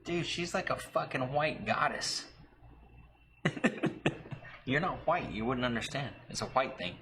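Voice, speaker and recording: Bright-voiced man telling profane stories. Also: mid-range voice, slow, slight background noise. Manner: profane, animated storytelling. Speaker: podcast co-host. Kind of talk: casual chat.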